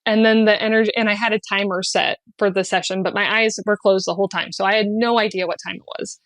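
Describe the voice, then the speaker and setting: Middle-aged woman on a podcast telling a heartfelt story, goes up high on quotes, dry close sound. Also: fast, no echo. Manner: animated, quoting with raised pitch and laughing. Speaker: podcast guest. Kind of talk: emotional personal storytelling.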